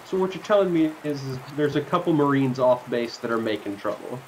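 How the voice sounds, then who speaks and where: A man's voice: medium pitch, lively intonation, fairly quick, a little mellow, slight background noise, poor audio. A man playing in a tabletop game, chatting casually and joking, often restarting his sentences. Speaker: player.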